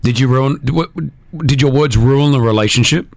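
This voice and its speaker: A man hosting a morning radio show in a studio, upbeat and quick to laugh. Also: mid-range voice, no room sound. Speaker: radio host.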